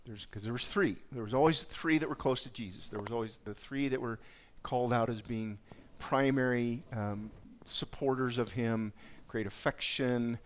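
A man's voice: mid-range voice, normal speed, few pauses, slight background noise. A man preaching a sermon, reading scripture aloud and reflecting on it in a conversational way. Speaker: pastor.

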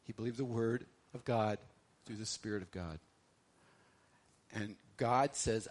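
A middle-aged man preaching a sermon as a pastor, swinging between loud emphasis and hushed lines, repeating phrases for effect. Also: lowish voice, measured pace, long pauses, slight background noise.

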